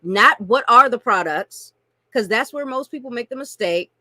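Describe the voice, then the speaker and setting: A woman teaches marketing with lively, playful energy and frequent laughter. Her voice sits a little high and rings bright and forceful. The sound is dry and close. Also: moderate pace, no echo. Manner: animated, playful, laughs often, calls listeners y'all. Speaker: network marketing coach. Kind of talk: teaching a marketing lesson with acted-out examples.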